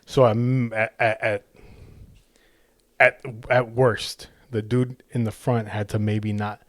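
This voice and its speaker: A man's voice: fairly low pitch, little pitch movement, takes it slowly, no echo, clean studio sound. A man co-hosting a podcast, telling a road-rage story in casual, profane chat with lots of restarts. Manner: acts out shouted road-rage quotes. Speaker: podcast co-host.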